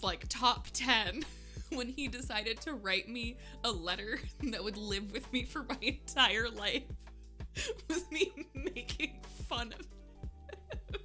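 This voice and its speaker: A woman's voice: a little high, bright, forceful tone. A woman streamer telling a personal story in casual chat, laughing often and using lots of filler words.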